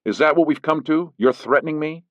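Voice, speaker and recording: A man's voice: on the high side, a little fast, fairly bright tone, no room sound, voice pushed up, lightly acted. A man voicing a firm, defensive leading man. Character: firm middle-aged man, a lawyer. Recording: dull lo-fi recording.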